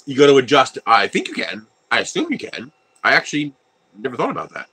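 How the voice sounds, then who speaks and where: A husky, sharp-toned male voice of medium pitch swoops wildly up and down at a quick pace. He's running a casual live-stream chat while building a 3D printer, full of stories, frequent laughter and answers to viewers.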